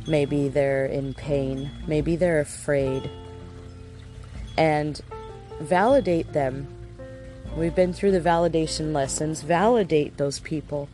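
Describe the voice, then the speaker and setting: A man's voice: on the high side, steady tone, slow, mellow, soft background music. A man giving a casual self-help lesson in an earnest way, asking his listeners rhetorical questions.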